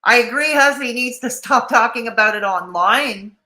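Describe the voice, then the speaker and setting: A woman's voice: a little high, moderate pace, pushed and bright, reverberant, poor audio. A woman hosting a livestream, chatting sarcastically with her co-host and viewers. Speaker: streamer host. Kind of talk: casual livestream chat.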